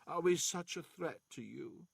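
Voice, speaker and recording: Man reads a bitter frail old man, husky, slow and heavy, defiant. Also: fairly high pitch, lively intonation, dry recording, pitched above the performer's own voice, heavily acted.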